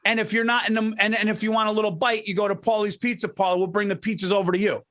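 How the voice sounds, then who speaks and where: A man with a New York accent riffs excitedly in a casual podcast chat, circling back and repeating phrases as he goes. His voice sits notably high for a man. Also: very fast. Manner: excitable, rambling, repeats himself. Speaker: podcast co-host.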